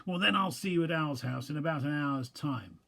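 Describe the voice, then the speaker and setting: A man voicing a bossy male rabbit who gives brisk commands, in a storybook reading. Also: a little high, creaky, fairly bright tone, pitched above the performer's own voice.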